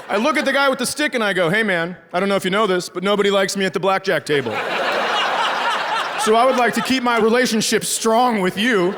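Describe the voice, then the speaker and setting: A man from rural Minnesota doing a stand-up comedy set, telling stories and acting out the voices of people in them. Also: very high voice. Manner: animated storytelling with acted-out voices. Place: large theater stage. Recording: live hall reverb with audience noise. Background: audience laughter and cheering.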